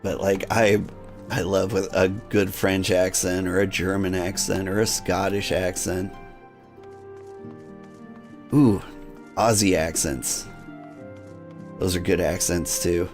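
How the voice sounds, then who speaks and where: A man's voice: low-pitched, level tone, takes it slowly, long pauses, soft background music. A man giving casual, rambling game commentary as a streamer. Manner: rambling, with fillers and restarts.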